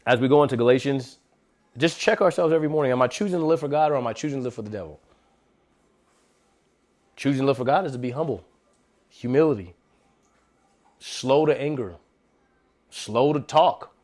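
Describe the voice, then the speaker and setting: A man giving a casual devotional talk at a church gathering, slangy and animated, often calling listeners bro. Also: medium pitch. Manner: animated, acts out quotes. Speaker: lay speaker at a church gathering.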